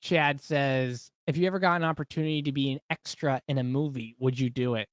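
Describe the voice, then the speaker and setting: A man's voice: mid-range voice, fairly even intonation, fairly quick, no room sound. A young man co-hosting a live stream, chatting casually, reading viewer questions aloud and laughing often.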